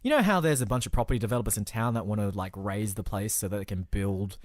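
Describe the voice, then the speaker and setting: A man co-hosting a podcast in casual comedic chat, throwing quick quips and finishing his partner's sentences. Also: lowish voice, dry recording, studio quality. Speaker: podcast co-host.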